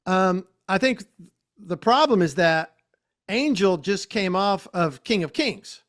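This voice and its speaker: Over a video call, a male podcast host conducts a relaxed interview in a high-sitting, expressive, fairly bright voice at a slow pace. His manner is effusive and enthusiastic, and laughter comes easily to him.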